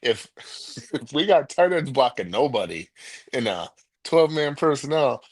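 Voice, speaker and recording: A man's voice: mid-range voice, sing-song, moderate pace, husky, no room sound. A man co-hosting a sports call-in show, talking casually and rambling with many restarts and laughs.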